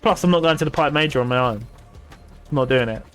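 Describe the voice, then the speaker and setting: A man's voice: mid-range voice, quick pace, a bit bright, clear, resonant tone, faint music behind. A man, talking casually on a gaming stream, swearing freely as he rants in exasperation.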